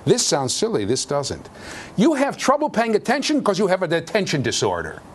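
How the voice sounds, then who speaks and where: A man giving a university lecture in an animated, jokey way, with sudden loud outbursts. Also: sits high, moderate pace. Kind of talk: classroom lecture. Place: lecture hall.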